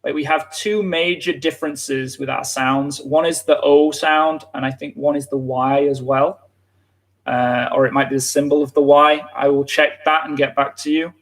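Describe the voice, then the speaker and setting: British male teacher in his thirties, fairly high voice, halting live-stream delivery, lots of ums. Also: fairly even intonation. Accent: British English. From Britain. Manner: hesitant, many fillers and restarts. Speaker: English teacher, livestream host. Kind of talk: live online English lesson, casual.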